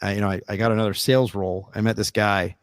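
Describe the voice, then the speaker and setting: Male podcast host, low register, earnest rambling storyteller, dry studio sound. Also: flat delivery, fast talker, no room sound. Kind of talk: casual storytelling.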